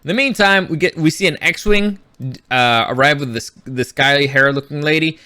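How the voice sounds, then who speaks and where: A man giving a casual, rambling review, sarcastic and quick to act out characters' lines. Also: on the high side, lively intonation, bright, forceful tone, no room sound. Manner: frequent restarts and fillers, swears when annoyed. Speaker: YouTube reviewer.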